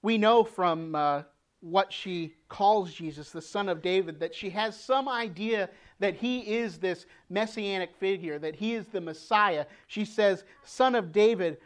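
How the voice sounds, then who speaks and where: A woman preaching a sermon, earnest, posing rhetorical questions with dramatic pauses. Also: mid-range voice. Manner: acts out quoted pleas with rising emotion.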